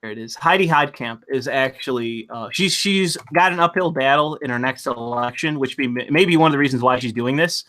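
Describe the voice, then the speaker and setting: A man's voice: medium pitch, fairly quick, few pauses, a bit bright. A man hosting a casual online political chat, talking in a loose, profane, ranting way and often repeating words as he goes. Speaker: host.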